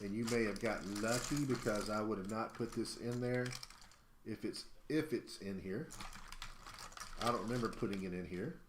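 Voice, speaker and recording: A man hosting a live auction stream, rambling through prizes with lots of ums and uhs. He sounds a little out of breath, and his voice carries a clear echo from the room around him. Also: fairly low pitch, normal speed, background noise. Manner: rambling, lots of fillers while listing items. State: slightly out of breath. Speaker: host of an online auction stream. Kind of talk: casual live-stream chat.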